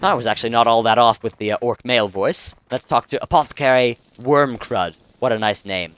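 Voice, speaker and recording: Man, let's play host, casual game commentary, rambling, bright voice. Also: medium pitch, a little fast, faint music behind. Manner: chatty and rambling, with frequent self-corrections.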